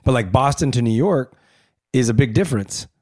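A man from Los Angeles co-hosting a casual interview, relaxed and laughing along. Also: medium pitch, brisk.

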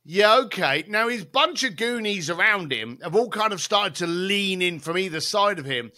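At a moderate pace and in a high voice, a male guest on an interview show recounts a salty anecdote. The storytelling is animated and lively, with many asides and laughs.

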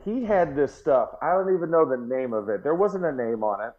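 A man's voice: on the high side, lively intonation, fairly quick, lo-fi sound. A man telling a funny locker-room story in casual chat, acting out his own reactions. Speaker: former football player.

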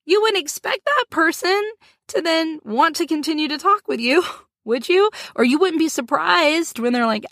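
Female podcast host, high voice, animated and chatty, dry studio sound. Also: moderate pace, dry recording. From Florida, US. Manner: animated, laughing, acts out little scenes. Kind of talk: solo podcast talk.

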